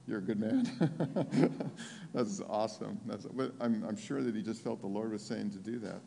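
A man preaching a sermon, telling a story with lots of restarts, growing animated and excited as he retells it. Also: fairly low pitch, normal speed, gravelly, a little hiss or hum. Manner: animated, rising to excited near-shouting while retelling. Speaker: pastor. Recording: long hall reverb.

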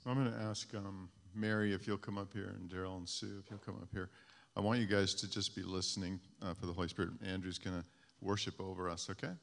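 Deep gravelly pastor guy, calm flat voice, telling folks what to do, echoey church. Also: fast. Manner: calm, guiding, repeats words for emphasis. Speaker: pastor leading ministry time. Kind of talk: giving instructions to a congregation. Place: church sanctuary. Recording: long reverb of a church hall.

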